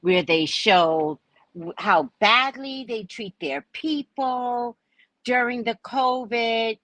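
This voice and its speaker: A woman hosting a casual livestream, talking in an animated, theatrical way and acting out the people she quotes. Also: fairly high pitch, slow, dry recording. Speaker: psychic livestream host.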